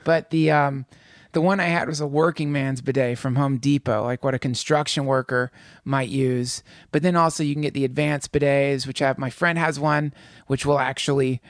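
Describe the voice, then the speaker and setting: A man co-hosting a podcast in casual chat, telling stories with jokey, animated riffs. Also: mid-range voice, moderate pace, no echo, studio quality. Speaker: podcast co-host.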